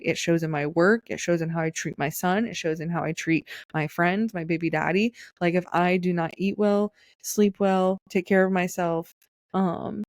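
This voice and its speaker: A woman's voice: on the low side, darkish tone, no echo, studio quality. A young adult woman hosting her own podcast, talking in an earnest, rambling monologue full of fillers and restarts. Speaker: podcast host. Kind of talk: casual personal monologue.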